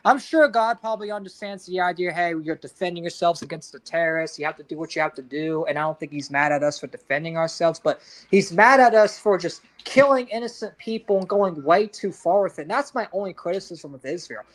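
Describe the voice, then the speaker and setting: A man's voice: high voice, fairly quick, fairly bright tone. A man co-hosting a podcast, ranting in heated, profane casual chat with frequent restarts. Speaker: podcast co-host.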